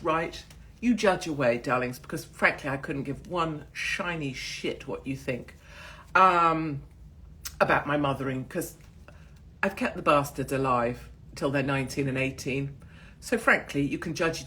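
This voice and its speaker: A woman's voice: very deep voice, fairly bright tone. Blunt, profane English woman ranting. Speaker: channel host. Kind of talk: casual rant to camera. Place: in Miami.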